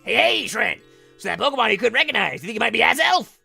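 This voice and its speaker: A man's voice: extremely high pitch, very animated, quick pace, vocal fry, bright, forceful tone, breathy edge, faint music behind, heavily acted. A man voicing a brash, eager male crab recruit who keeps saying "hey, hey.". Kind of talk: voicing game dialogue.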